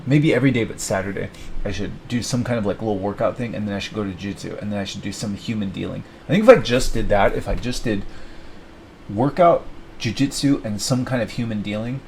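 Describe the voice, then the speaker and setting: A man's voice: fairly low pitch, fast, vocal fry, darkish tone, a little hiss or hum, rough recording. A young man thinking aloud at his desk, rambling and self-mocking as he plans his week. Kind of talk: rambling solo self-talk.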